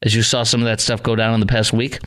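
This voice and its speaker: A man's voice: lowish voice, little pitch movement, fast, fairly bright tone. A middle-aged man hosting a call-in talk radio show, sarcastic and exasperated, scoffing at what he reads out.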